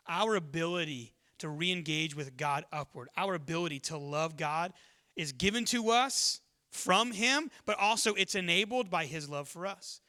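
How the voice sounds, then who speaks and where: A man from Texas preaches in a high, bright and forceful voice. He tells stories to his church in a lively, conversational way. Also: moderate pace. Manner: storytelling, conversational and energetic. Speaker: pastor. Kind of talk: sermon.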